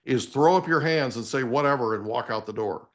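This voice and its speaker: This is a man in his forties speaking as a guest in a live interview. His voice sits at an ordinary middle pitch, and he delivers parenting advice emphatically and insistently, turning often to the audience with a quick "okay?". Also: lively intonation. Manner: emphatic, preachy, addresses listeners directly with repeated "okay?".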